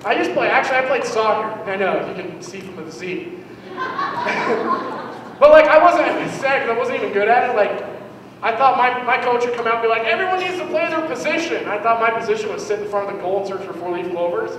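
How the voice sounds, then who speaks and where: A young man with a very high voice does a rambling, self-mocking stand-up set, joking with the crowd as he goes. The sound is a big echoey hall with a long reverb tail. He is caught from far off, with steady room noise behind him. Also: fairly quick. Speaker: stand-up comedian. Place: live comedy venue with an audience.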